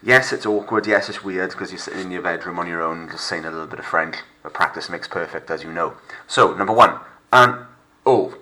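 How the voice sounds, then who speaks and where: A deep-voiced man teaches a recorded remote lesson. His tone is bright and forceful, and he explains patiently, step by step, with fillers. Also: steady tone, fairly quick, hardly any pauses, poor audio.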